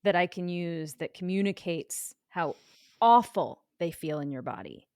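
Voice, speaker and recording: A woman co-hosting a podcast in casual chat, reflective and unhurried, with vivid swings in tone. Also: fairly low pitch, lively intonation, a little mellow, no echo, studio quality. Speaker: podcast co-host.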